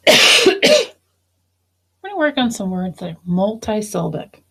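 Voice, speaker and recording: A woman teacher talks through a recorded phonics lesson at an unhurried pace, with a voice of ordinary middle pitch. She spells words out letter by letter and explains each syllable patiently. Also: sing-song, creaky, pushed and bright, breathy edge.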